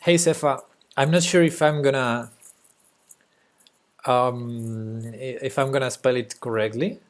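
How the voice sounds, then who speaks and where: This young Spanish-accented man, a native speaker of Spanish, commentates chess casually on a live stream with hesitant fillers and soft laughter. His mid-range voice holds a steady tone and moves a little slowly.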